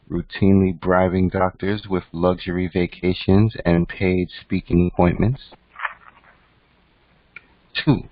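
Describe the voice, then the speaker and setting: A man's voice: sits low, creaky, dry recording. A man teaching an online class in a conversational lecture style, often checking in with "right?". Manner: conversational, keeps asking "right?". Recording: dull, dry lo-fi audio.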